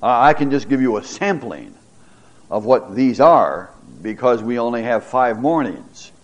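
A middle-aged man, a pastor, teaching a Bible class, reading scripture dramatically and pausing with fillers and repeated words. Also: mid-range voice, lively intonation, lo-fi sound.

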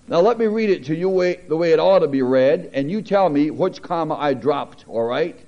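A man preaching a sermon, reading scripture aloud with teacherly asides and building to emphatic, animated peaks. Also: fairly high pitch, normal speed, few pauses. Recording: dull lo-fi recording.

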